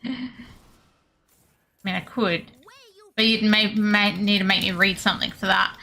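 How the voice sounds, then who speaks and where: A young Australian woman chatting casually with her viewers while streaming a game, self-deprecating and quick to laugh. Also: medium pitch, fairly even intonation, sharp tone. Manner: chatty, self-deprecating, laughs often, reads chat aloud. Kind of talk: casual gaming stream chat.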